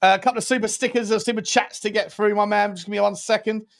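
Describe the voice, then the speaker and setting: A man's voice: sits high, fairly even intonation, quick pace, vocal fry. A man hosting a casual live-stream football chat, joking and reading out viewer messages. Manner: chatty, jokey, reads out viewer messages. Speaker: podcast host.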